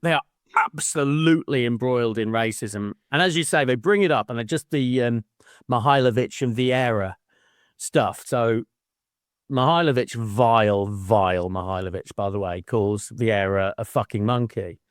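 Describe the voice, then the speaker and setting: With a medium-pitched voice at a moderate pace, a man chats casually about a book as a podcast co-host, swearing liberally and laughing partway through his sentences. When he quotes people he mimics them, and the studio-quality recording has no echo.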